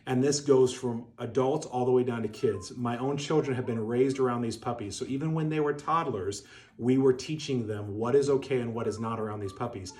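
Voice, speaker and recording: A middle-aged man, a dog breeder, calmly explaining how to interact with a puppy in an even-keeled instructional talk. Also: mid-range voice, brisk. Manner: calm, even-keeled, demonstrates voice tones. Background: soft guitar music.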